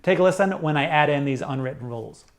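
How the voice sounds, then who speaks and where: A middle-aged man teaching a saxophone lesson, explaining jazz articulation step by step in a clear, methodical way. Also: on the high side, quick pace. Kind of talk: instructional music lesson.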